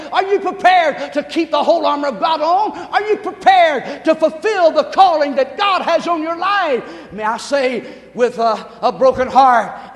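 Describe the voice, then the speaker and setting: A male pastor preaching a sermon, talking fast, calling for amens and rising to shouts. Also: very high-pitched, big-room sound. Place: church sanctuary.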